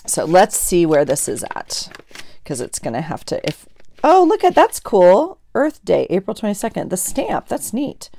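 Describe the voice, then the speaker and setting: A woman's voice: fairly low pitch, gravelly, mellow. A woman vlogger chatting casually at her craft desk, thinking aloud as she journals and opens mail. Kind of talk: casual chat while journaling.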